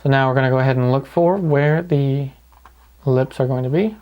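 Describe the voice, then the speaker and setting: A man calmly talking through each step of a painting lesson in an easygoing way. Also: mid-range voice, normal speed, highs cut off. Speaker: painting instructor. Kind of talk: paint-along tutorial narration.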